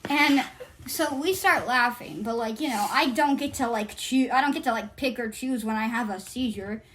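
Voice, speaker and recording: A woman's voice: fairly high pitch, normal speed. A teenage girl co-hosting a casual chat, telling stories and acting out what people said. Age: teens. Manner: animated storytelling, acts out quotes. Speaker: podcast co-host.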